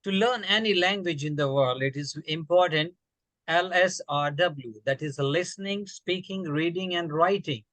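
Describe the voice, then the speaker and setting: A man with an Indian accent hosting a round table discussion, explaining points in a measured way. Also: on the high side, a bit bright, no echo. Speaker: host.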